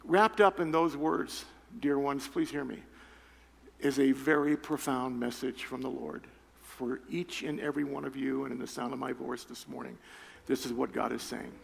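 A man preaching a sermon, telling a personal story with loud animated retellings and quiet earnest appeals. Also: medium pitch, moderate pace, vocal fry. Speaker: pastor. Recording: reverberant hall with faint music.

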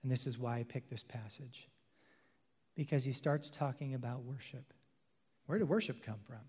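A male pastor preaching a sermon with emphasis, swinging between loud declarations and hushed, intimate passages. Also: mid-range voice, moderate pace, breathy edge. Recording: long hall reverb.

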